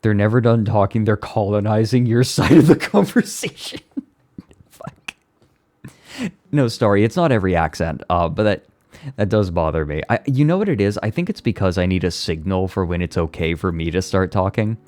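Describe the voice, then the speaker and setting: Deep-voiced, swearing male streamer. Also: animated, fairly quick, a little mellow, dry recording. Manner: rambling, swears freely, laughs often, lots of "like". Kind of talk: casual chat on a live stream.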